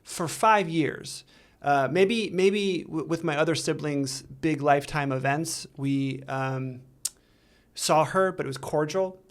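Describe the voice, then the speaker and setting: A man with a slightly higher voice speaks earnestly, stopping and restarting as he works through a hard personal story. His delivery is candid, conversational and unpolished. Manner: earnest, halting, with many restarts. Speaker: interview guest. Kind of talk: candid storytelling in a recovery interview.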